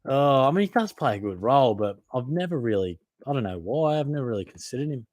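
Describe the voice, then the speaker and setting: A man's voice: mid-range voice, expressive, fast, a little mellow, dry recording, clean studio sound. A young man with an Australian accent hosting a live Q&A, reading out viewer comments and answering in a casual, matey way, often laughing at himself. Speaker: fantasy football podcast host.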